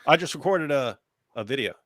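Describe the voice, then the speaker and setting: A man's voice: medium pitch, expressive, a little fast, fairly bright tone, no room sound, studio quality. A man co-hosting a casual livestream chat, joking and laughing often as he talks. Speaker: co-host.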